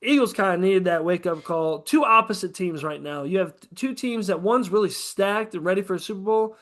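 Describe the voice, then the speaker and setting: A man's voice: high voice, expressive, a little fast, fairly bright tone. A man co-hosting a casual sports podcast, rambling and profane about football teams. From American Midwest. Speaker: podcast co-host.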